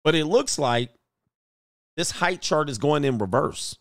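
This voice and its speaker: A man's voice: a little high, lively intonation, measured pace, creaky, dry recording, clean studio sound. A man reacting to video clips in casual, crude, exasperated commentary.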